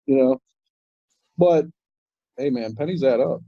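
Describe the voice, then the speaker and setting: A man's voice: medium pitch, a little slow, no echo, muffled recording. A man chatting casually on a video call, rambling with lots of fillers and restarts. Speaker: guest crypto commentator. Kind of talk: casual chat.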